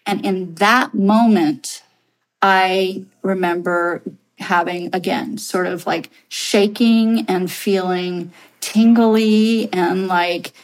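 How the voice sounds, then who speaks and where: A woman's voice: medium pitch, steady tone, takes it slowly, rough recording. A woman in her late thirties telling a personal story as a podcast guest, earnest and rambling, with many fillers and restarts.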